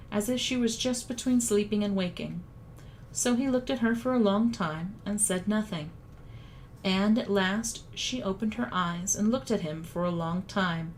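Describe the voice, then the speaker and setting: A woman reading a children's story aloud in a calm, even storytelling manner. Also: medium pitch, a little slow, slight background noise. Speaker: audiobook reader. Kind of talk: storybook narration.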